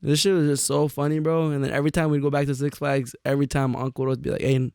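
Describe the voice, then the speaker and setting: A young man co-hosting a podcast, telling stories in a casual, profane, animated way and acting out the quotes. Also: fairly high pitch, quick pace, gravelly, smooth, dry recording, studio quality. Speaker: podcast co-host. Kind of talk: casual storytelling chat.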